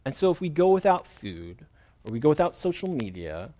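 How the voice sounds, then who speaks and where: A man's voice: fairly high pitch, big pitch swings, fairly quick, mellow. A man preaching a sermon as pastor, earnest and conversational, with fillers and restarts.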